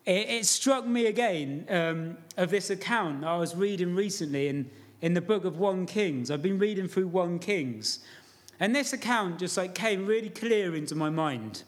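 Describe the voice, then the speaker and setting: A man with a high voice preaches a sermon to his congregation. He tells the story informally and keeps putting questions to the listeners.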